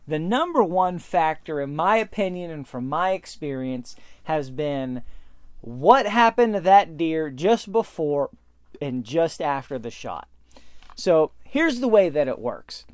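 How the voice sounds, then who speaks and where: Animated man telling a hunting story. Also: a little high, no room sound. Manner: animated storyteller, speeds up and slows down. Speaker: podcast host. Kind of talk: storytelling podcast monologue.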